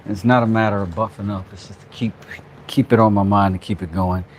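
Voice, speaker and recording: A man's voice: lowish voice, fairly even intonation, brisk, a little hiss or hum. A man hosting a casual workshop vlog, rambling playfully with jokey asides as he works. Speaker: craft channel host, father.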